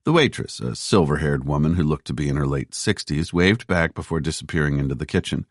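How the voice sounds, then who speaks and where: Man reading a thriller audiobook, super deep voice, lively delivery, close mic. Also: a little fast, dry recording. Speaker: audiobook narrator. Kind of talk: scripted narration.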